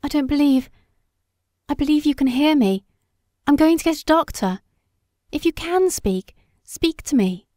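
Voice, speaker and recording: A woman's voice: sits high, expressive, normal speed, few pauses, darkish tone, no room sound, studio quality, pitched above the performer's own voice. A woman reading an audiobook voices a frightened, devoted young wife who pleads breathlessly. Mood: pleading. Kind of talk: audiobook character voice.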